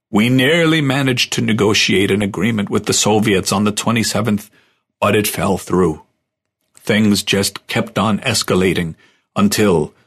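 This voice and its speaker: A man voicing a tired, weary middle-aged male president in an audiobook, with a low, gravelly voice. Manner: tired, measured.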